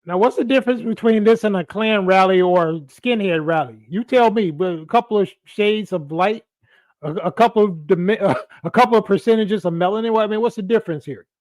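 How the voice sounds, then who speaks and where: A man's voice: high-pitched, a little fast, a little mellow, dry recording. A man hosting a podcast in loose, casual commentary, talking straight to his viewers and leaning on filler phrases. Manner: loose, talks back to viewers, leans on "you know". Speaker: podcast host.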